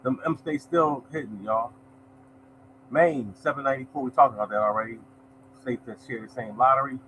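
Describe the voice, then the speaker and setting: A man's voice: mid-range voice, moderate pace, a bit bright, slight background noise, rough recording. A man hosting a lottery show, chatting casually as he reads results and greets viewers by name. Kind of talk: casual live-stream chat, reading results.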